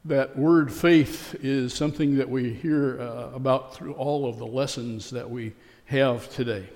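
Conversational pastor in a reverberant church. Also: male voice, mid-range voice, steady tone, measured pace, darkish tone. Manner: folksy and conversational, with fillers. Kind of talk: sermon.

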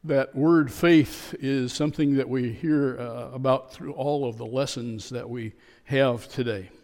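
A man preaching a sermon as a pastor, telling a story with a joke in a calm, measured way. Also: medium pitch. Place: church sanctuary. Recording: long church reverb.

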